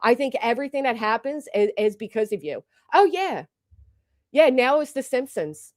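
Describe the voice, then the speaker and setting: A woman's voice: fairly high pitch, animated, fairly quick, dry recording, clean studio sound. A woman hosting a livestream, delivering an upset and indignant rant full of profanity. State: upset and agitated. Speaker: livestream host.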